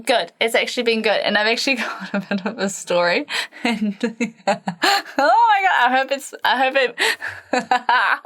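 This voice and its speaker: Co-host type: a woman from France with a high, bright voice, animated and quick to laugh, swearing casually. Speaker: podcast co-host. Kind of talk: casual chat.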